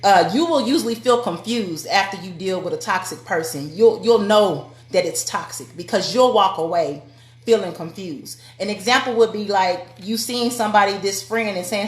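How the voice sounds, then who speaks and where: A woman's voice: medium pitch, moderate pace. Woman giving a direct live talk. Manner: direct, preacherly, calls out to viewers. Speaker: live-stream speaker. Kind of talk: motivational live talk to women. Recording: echoey room.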